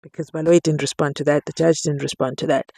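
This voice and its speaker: A woman giving excited reaction commentary on a court case, exclaiming and acting out what people said. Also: deep voice, fast, no room sound, studio quality. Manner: excitable, exclaiming, playacting quotes. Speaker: commentary vlogger.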